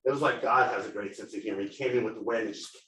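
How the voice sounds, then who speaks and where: A middle-aged man giving a casual sales workshop, telling animated stories and acting out what people said. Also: lowish voice, racing, crowd noise. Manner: animated storyteller, acts out quotes. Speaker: title company rep giving a sales seminar. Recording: echoey room, mic at a distance.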